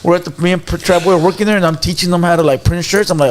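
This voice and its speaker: A man's voice: high-pitched, steady tone, racing, slight background noise. A man hosting a late-night talk show, telling stories brashly and profanely, slipping Spanish into his slang and acting out what others said. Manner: gruff storyteller who acts out quotes. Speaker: show host.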